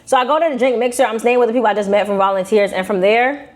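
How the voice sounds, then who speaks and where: A young woman from Brooklyn with a New York accent, telling a personal story to her viewers in a casual, animated, slangy way. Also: on the high side, rapid-fire. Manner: animated, slangy, acts out quotes in shifting voices. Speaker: vlogger.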